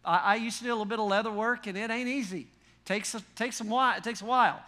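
Animated high-voiced male preacher. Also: brisk. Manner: folksy and animated, with rhetorical questions and wry humor. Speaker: pastor. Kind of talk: sermon.

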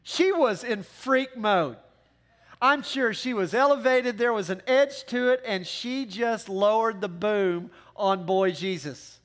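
Animated high-voiced male pastor preaching. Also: takes it slowly. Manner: animated, conversational preaching with joking asides. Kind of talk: sermon.

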